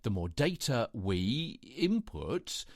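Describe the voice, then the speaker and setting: A man's voice: medium pitch, slow, dry recording, clean studio sound. A man hosting a daily podcast, talking casually and reading out quotes, with plenty of fillers between them. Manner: reads out quotes with lively asides and fillers. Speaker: podcast host. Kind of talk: casual solo podcast commentary.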